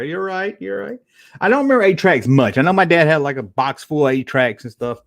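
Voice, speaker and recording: Man, live-stream host, animated sing-song delivery, rambling, casual swearing, stammered restarts. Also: medium pitch. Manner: rambling, reminiscing, reacting to chat, casual swearing.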